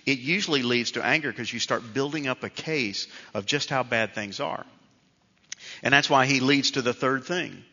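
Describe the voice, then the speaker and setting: A man's voice: medium pitch, normal speed, pushed and bright. A middle-aged man preaching a sermon in a conversational, self-deprecating storytelling way. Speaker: pastor. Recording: dull reverberant hall sound.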